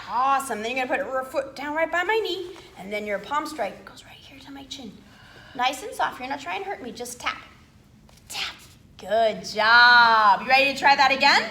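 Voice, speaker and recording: A woman's voice: high-pitched, bright, forceful tone, echoey room, slight background noise. A woman karate instructor patiently teaching a child, with lots of encouraging praise. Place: martial arts dojo.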